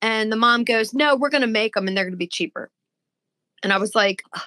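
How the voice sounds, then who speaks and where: A woman's voice: fairly high pitch, a little fast, no echo. A woman co-hosting a podcast in casual chat, telling stories animatedly and acting out the people she quotes. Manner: animated storyteller who acts out quoted people. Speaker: podcast co-host.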